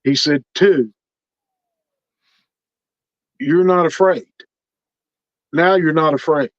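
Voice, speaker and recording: This fairly high-pitched middle-aged man takes his time recounting personal experiences as an interview guest. His casual storytelling is animated, with him playing the other characters in each exchange. There's no echo, and the recording is dull and lo-fi.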